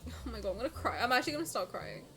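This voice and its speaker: Young woman, game reaction streamer. Gushing and excitable, a high voice that leaps all over the place. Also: racing, vocal fry, soft background music. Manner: gushing, excitable, swears freely. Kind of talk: casual reaction stream with read-aloud.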